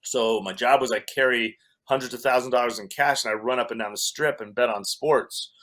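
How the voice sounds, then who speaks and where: A man's voice: mid-range voice, fairly even intonation, fairly quick, a bit bright. A man from Wyoming, a comedian guest, casually telling a story with restarts and laughter. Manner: rambling, self-interrupting, laughs through the story.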